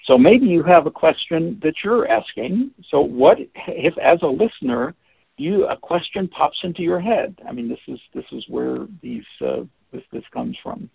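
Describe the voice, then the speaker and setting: Gravelly man teaching over a tinny line. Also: a little high, lively intonation, moderate pace, no room sound. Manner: gentle, hesitant, many restarts and fillers. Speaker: teacher of listening skills. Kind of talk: informal spoken lesson. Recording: dry, phone-like narrow sound.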